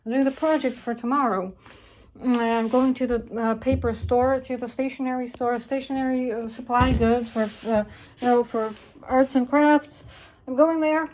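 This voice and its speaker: A woman vlogger talking on in a loose, wandering monologue, her voice sitting a little high. She stops and restarts often, repeats her phrases, and lifts into a higher voice when she acts out what she said. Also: fairly even intonation, moderate pace, darkish tone, a little hiss or hum, rough recording. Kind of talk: rambling casual monologue.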